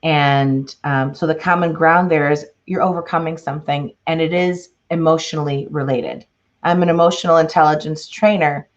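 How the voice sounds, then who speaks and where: Chicago-accented female author, low voice, animated storyteller; dull lo-fi call audio. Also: moderate pace. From Chicago, Illinois. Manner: expressive, animated, laughs often. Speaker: author and guest. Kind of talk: interview conversation and reading aloud.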